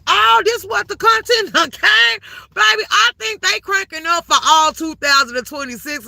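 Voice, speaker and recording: A woman's voice: high voice, pushed and bright, no room sound. A woman hosting a livestream, giving casual, profane gossip commentary to her chat with frequent laughs. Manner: brash and profane, laughing often, calling the chat "baby". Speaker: livestream host.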